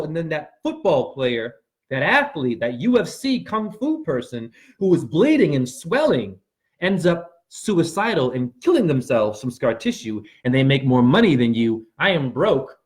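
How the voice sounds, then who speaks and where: Excitable man with a lively voice. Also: mid-range voice, normal speed. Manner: excitable, sudden yelps and shouts; addresses viewers directly with frequent "right?". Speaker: spiritual video host. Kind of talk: rambling motivational monologue.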